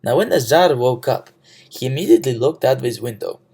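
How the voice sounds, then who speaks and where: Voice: medium pitch, lively intonation, brisk, creaky, mellow, slightly rough. A storyteller giving a playful, comic reading of a folk tale, tossing in jokey asides and building to big exclamations. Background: music.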